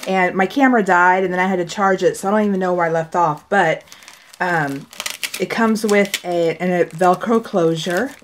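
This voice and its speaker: A middle-aged woman from the United States, a card-making YouTuber, casually talks through the handmade greeting cards she mailed, gushing and often laughing. Her voice is lowish and moderately paced, with a bit of background noise.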